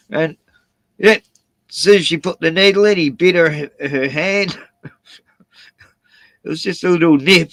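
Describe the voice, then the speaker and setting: An older man with a broad Australian accent spins a casual story in an unhurried drawl. His voice is gravelly, with plenty of swearing, sighs and chuckles. The sound is dry and close, with no room around it. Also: fairly high pitch, a bit bright, no echo, rough recording. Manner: sweary, sighing, laughs through his story. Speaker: vlogger. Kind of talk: casual rambling anecdote.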